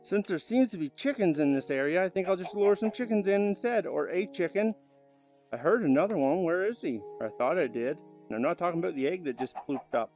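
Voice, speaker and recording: A lively man talking his way through a game, his pitch bouncing all over as he chats and coaxes the animals around him. His voice sits a little high for a man, with soft music playing behind him. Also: brisk. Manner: animated, chatty, bursts into loud exclamations; talks to animals and his dog in a coaxing voice. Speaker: gaming video host. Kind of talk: casual gameplay commentary.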